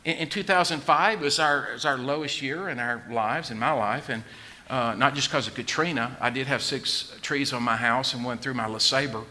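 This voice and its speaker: A middle-aged man preaching a sermon in a folksy, joking way, dropping to a hush and rising to a shout. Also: mid-range voice, normal speed. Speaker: pastor.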